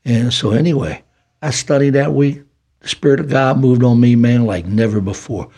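Older male podcast guest, Southern city accent, husky and dark, lively preacher-style testimony. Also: medium pitch, normal speed. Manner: preacherly, animated storytelling with folksy talk. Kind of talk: storytelling testimony.

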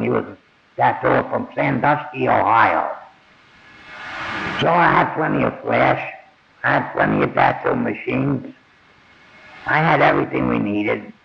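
An older man telling his own life story in a plain-spoken, blunt way, swearing casually. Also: medium pitch. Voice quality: gravelly. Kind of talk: first-person memoir storytelling. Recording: dull lo-fi audio.

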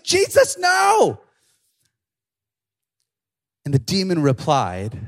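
A young man giving a casual youth sermon, animated and excitable, full of slang as he retells and reads a scripture passage. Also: on the high side. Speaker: youth pastor.

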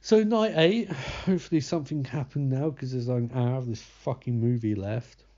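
Young man, mellow voice, sardonic movie recapper who curses freely; slightly muffled lo-fi recording. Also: medium pitch, moderate pace. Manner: sarcastic, swears often, loses track of names. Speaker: movie commentator.

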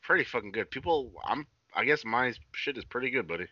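A man's voice: mid-range voice, lively intonation, fairly quick, sharp tone, no echo, dull audio. A man co-hosting a casual podcast, loose and profane, joking around and calling his friend buddy. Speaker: podcast co-host.

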